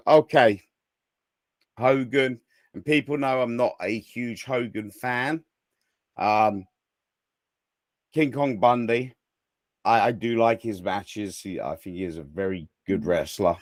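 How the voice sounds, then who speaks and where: A man's voice: medium pitch, no echo. A man co-hosting a casual podcast, swearing freely and laughing through his stories. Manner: profane, laughs a lot, drawn-out delivery. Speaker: podcast co-host.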